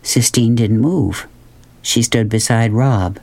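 A man narrating a children's novel in calm, measured storytelling. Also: fairly low pitch. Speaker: audiobook narrator. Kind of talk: scripted narration.

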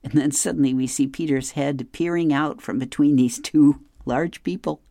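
A man reading an advice column and newspaper comics aloud, explaining the jokes in a gentle, chuckling way. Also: on the high side, moderate pace, gravelly, dry recording, studio quality.

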